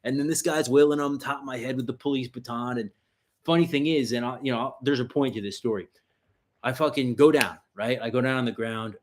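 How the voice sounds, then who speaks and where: A man's voice: mid-range voice, fairly quick. Foul-mouthed man telling street stories. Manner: profane, rambling street-story telling. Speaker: self-defense channel host. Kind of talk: casual livestream storytelling.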